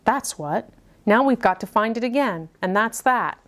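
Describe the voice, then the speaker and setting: A woman's voice: on the high side, animated, moderate pace, voice pushed up, close to an everyday voice. A woman voicing a blunt, practical male village constable in a read-aloud mystery story. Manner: blunt, plain-spoken.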